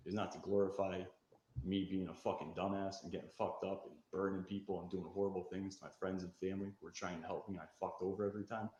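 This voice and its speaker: A low-voiced man tells a rough story from his past, getting heated and swearing as he replays the shouting. The room sounds echoey, with a faint hiss of noise under his voice. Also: flat delivery, quick pace, lo-fi sound. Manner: fired-up, swearing, acts out shouted quotes. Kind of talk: candid recovery storytelling.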